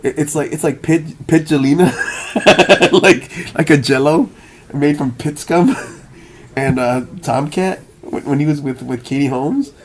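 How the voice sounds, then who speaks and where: Male vlogger, rambling profane monologue, stammering restarts, slightly high pitch. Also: unhurried. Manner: stammering, repeats words, profane, laughs often.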